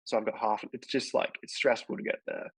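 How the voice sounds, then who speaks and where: A man's voice: steady tone, fairly quick, fairly bright tone, no echo. A man, an actor telling a long, rambling anecdote full of fillers in a casual interview. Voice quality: gravelly low voice. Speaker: actor guest. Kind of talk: casual storytelling in a podcast chat. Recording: dull, dry lo-fi sound.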